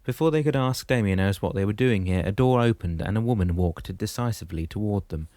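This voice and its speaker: A man narrating an audiobook in a steady, measured way. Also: on the low side, no echo. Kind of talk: scripted narration.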